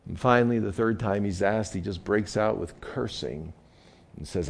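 A male pastor delivers a sermon in a loose, conversational way, stumbling and repeating words as he goes. His voice is low and rough with a gravelly fry. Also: normal speed.

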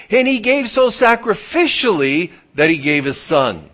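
A man preaching a sermon as pastor, swinging from loud emphatic lines to hushed near-whispers and drawing key words out slowly. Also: sits high, big pitch swings. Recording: dull lo-fi sound.

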